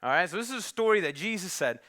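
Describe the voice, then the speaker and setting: A man's voice: high voice, fast talker. A man preaching a sermon, telling a story in a conversational way and acting out the characters. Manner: animated, conversational, acts out characters. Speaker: pastor. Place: church.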